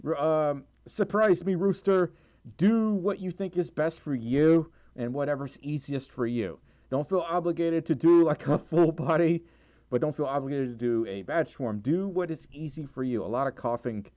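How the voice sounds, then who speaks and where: A man's voice: a little high, normal speed, mellow, no echo, studio quality. A young man livestreaming, reading out donations and chat messages in a rambling way with lots of fillers, tired and sore-throated with a recurring cough. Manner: rambling, many fillers, stumbles over reading.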